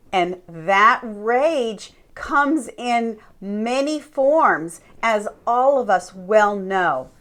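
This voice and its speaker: A woman's voice: mid-range voice, fairly bright tone. A woman coach speaking earnestly and emphatically, addressing her listeners directly as she teaches. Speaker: life coach.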